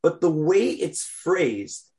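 A man teaching a weekly class on prayer, speaking deliberately and stressing key words as he explains them. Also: on the high side, big pitch swings, darkish tone. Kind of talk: religious class lecture.

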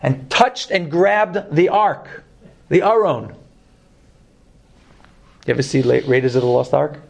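A man with a Brooklyn accent teaching a Torah class, lively, joking and putting questions to his students. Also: fairly high pitch, measured pace, creaky.

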